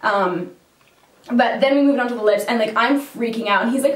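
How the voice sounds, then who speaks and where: Brief: woman vlogger, fairly high voice, foul-mouthed and theatrical, recorded from a bit away in a roomy space. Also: lively intonation, normal speed, long pauses. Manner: swears freely, laughs often, dramatic retelling. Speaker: makeup vlogger. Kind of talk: casual storytelling to camera. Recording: roomy echo, mic at a distance.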